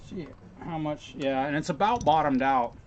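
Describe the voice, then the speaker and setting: A man's voice: fairly high pitch, moderate pace, dull audio, slight background noise. Chatty man thinking aloud at his workbench. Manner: thinks aloud while working, chats to viewers. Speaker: guitar repair technician. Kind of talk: casual workshop stream talk. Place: repair workshop.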